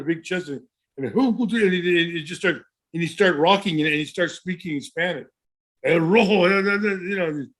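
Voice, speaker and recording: A man's voice: fairly high pitch, fairly bright tone. Rambling older man telling wrestling stories. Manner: rambling, full of restarts and "you know". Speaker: podcast co-host and former wrestler. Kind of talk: casual storytelling chat.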